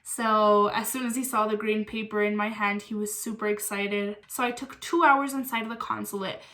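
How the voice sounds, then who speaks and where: A woman's voice: medium pitch, fairly even intonation, moderate pace, a bit bright. A young woman from Mexico, casually telling a story to the camera and acting out quoted lines. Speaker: vlogger.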